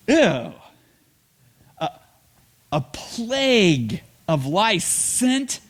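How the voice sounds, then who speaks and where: A man preaching a sermon as pastor, telling the story with playful asides and quick acted lines. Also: sits high, a bit bright.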